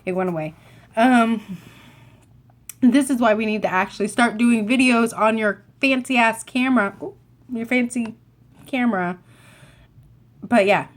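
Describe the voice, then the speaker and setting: A young woman chatting to camera, telling a rambling, animated story full of asides and self-corrections. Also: a little high, unhurried, pauses often. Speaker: vlogger.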